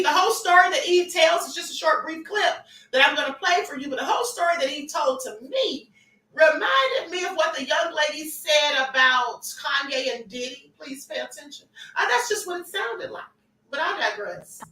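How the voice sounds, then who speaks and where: A high-pitched woman with a sharp, bright voice hosts a gossip livestream. She talks emphatically, repeats her points and sometimes raises her voice. She sounds set back from the mic in an echoey room. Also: animated, moderate pace, distant mic. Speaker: livestream host. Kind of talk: celebrity gossip commentary.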